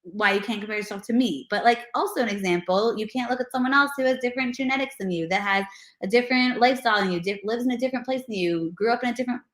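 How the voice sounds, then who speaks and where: A woman's voice: a little high, racing, roomy sound. A pregnant woman, a personal trainer, talking casually and earnestly in a video interview, with lots of "like" and "you know". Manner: earnest, animated, many fillers like "like" and "you know".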